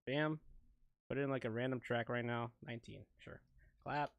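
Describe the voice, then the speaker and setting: A man's voice: medium pitch, fairly even intonation, normal speed, dry recording, highs cut off. A young man streaming himself making music, chatting casually, rambling and interrupting himself, often laughing. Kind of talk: casual live-stream talk while producing.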